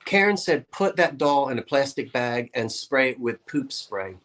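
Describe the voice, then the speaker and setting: A man's voice: mid-range voice, animated, normal speed, a bit bright. A man co-hosting an antiques show, chatting casually and explaining vintage glassware in detail.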